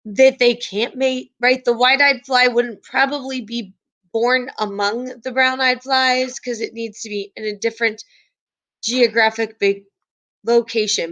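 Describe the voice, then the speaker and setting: A woman's voice: on the high side, bright, forceful tone. A woman teacher chatting with her class and reading quiz questions aloud in a live online review.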